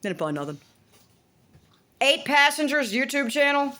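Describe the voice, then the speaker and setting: A middle-aged American woman vlogger rants casually to camera in a high-pitched, unhurried voice. She's animated, swears freely, and talks to her dogs in between.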